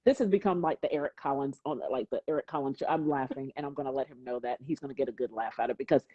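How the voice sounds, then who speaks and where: Husky-voiced woman podcast host. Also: extremely low pitch, rapid-fire, no room sound. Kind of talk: interview questions. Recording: dull, dry lo-fi audio.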